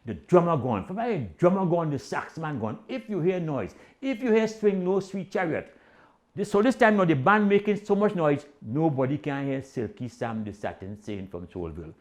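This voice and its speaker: Lively Trinidadian male storyteller. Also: on the high side, normal speed. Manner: animated Caribbean-dialect storytelling with voiced quotes. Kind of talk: comic storytelling.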